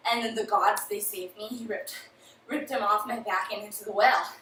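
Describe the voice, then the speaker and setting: A woman's voice: mid-range voice, fairly even intonation, normal speed, sharp tone, a little hiss or hum, close to an everyday voice. A woman voicing a terrified male wolf in a retold folk tale, frantic and pleading, in an echoey room with the mic far off. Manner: breathless, shrieking, pleading.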